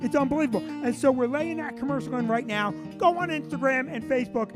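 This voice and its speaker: A man's voice: very high voice, fast talker, over music. A man from New Jersey who owns a comedy club, hosting a live show and telling a rowdy, profane story, acting out the people in it. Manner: profane, boisterous, acts out the people in his stories. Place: live show with a room audience.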